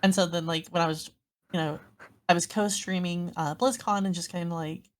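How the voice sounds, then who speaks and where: A woman's voice: lowish voice, fairly even intonation, brisk. A woman guest on a podcast, chatting casually and rambling through a story with lots of fillers. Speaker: guest streamer.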